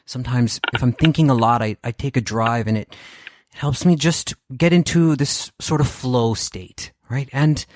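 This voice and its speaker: A man's voice: medium pitch, dry recording, clean studio sound. A man hosting a podcast, talking reflectively and a little hesitantly about his own thoughts. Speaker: podcast host. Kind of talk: casual conversation.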